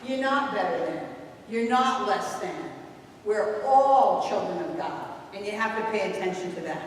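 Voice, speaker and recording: A woman giving a lively talk to a youth group in a church hall, asking the audience questions. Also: mid-range voice, moderate pace, slight background noise. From New England. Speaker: speaker at a youth ministry talk. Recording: echoey hall from far off.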